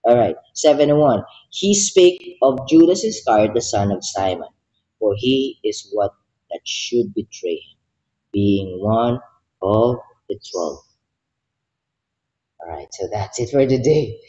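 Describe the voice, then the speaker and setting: A man's voice: lowish voice, lively intonation, slow, mellow, highs cut off. Man reading scripture with heartfelt passion. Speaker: Bible reader. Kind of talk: devotional Bible reading and prayer.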